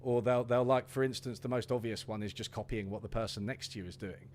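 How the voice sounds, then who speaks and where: A man's voice: medium pitch, steady tone, fast talker, darkish tone, slight background noise. A man, a guest talking through an economics idea in a loose, rambling way with restarts and fillers. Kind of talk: casual discussion.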